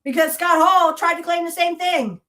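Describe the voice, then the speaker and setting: A woman with a high voice, hosting a podcast and ranting at length. She is heated and accusatory, swears freely and keeps hammering the same rhetorical challenges. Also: normal speed, a bit bright. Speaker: podcast host. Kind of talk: angry monologue rant.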